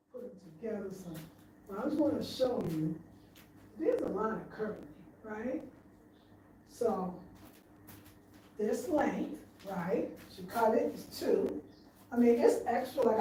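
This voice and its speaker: A woman's voice: fairly high pitch, warm tone. A woman chatting casually in a home design vlog, thinking aloud as she shows her living room and often repeats herself. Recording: echoey room, faint room noise.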